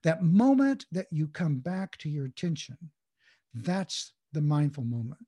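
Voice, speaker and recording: Interview guest, male, husky and fairly high, reflective coach who restarts as he thinks. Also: very animated, unhurried, mellow. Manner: thoughtful, with frequent restarts. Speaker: guest, mindful communication coach. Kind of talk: reflective conversational explanation.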